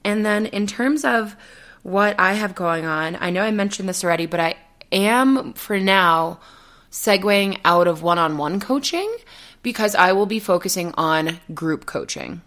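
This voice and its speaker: A woman's voice: medium pitch, expressive, unhurried, fairly bright tone. A young woman hosting a solo podcast, talking earnestly and rambling, with frequent "okay?" check-ins and nervous giggles. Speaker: podcast host and coach. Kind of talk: casual solo podcast monologue.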